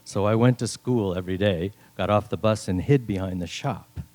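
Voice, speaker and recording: A man's voice: fairly low pitch, normal speed, darkish tone. An older man from northern New York telling a funny personal story at a live story slam, with dry, wry humor. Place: stage at a live event.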